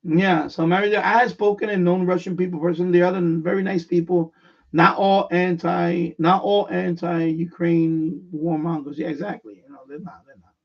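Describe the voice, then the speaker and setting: Chatting casually on a live stream, a man rambles through a story, repeating himself and restarting often. His voice is high and creaky with fairly even intonation and a moderate pace; the lo-fi sound is dull, the mic distant.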